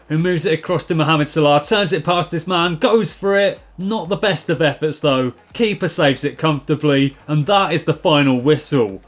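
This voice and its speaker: Young man, fairly high voice, deadpan play-by-play of a football game with sarcastic jabs. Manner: deadpan, wry asides. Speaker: video game commentator. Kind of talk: dry sarcastic football commentary over gameplay.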